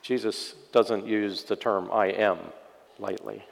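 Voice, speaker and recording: A man's voice: fairly low pitch, fairly even intonation, slow, vocal fry. Preaching man in a reverberant church. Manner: dramatic, swings from loud to very quiet; wry, sarcastic asides. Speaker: pastor. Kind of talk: sermon.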